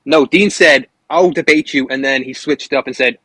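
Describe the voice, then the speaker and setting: A man's voice: medium pitch, moderate pace, pushed and bright, no room sound, low-quality recording. Taunting man calling in to a debate. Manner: taunting, ends lines with "bro". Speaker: debate caller. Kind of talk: heated live debate.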